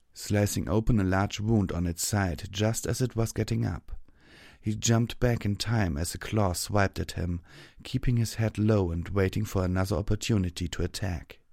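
Male narrator, low voice, dry close sound, steady audiobook read. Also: moderate pace, no echo. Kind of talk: scripted narration.

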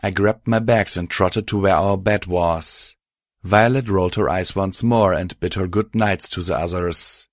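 A man reading a fan-fiction story aloud with a lively, expressive delivery. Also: low voice, measured pace, no room sound, clean studio sound. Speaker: audiobook narrator.

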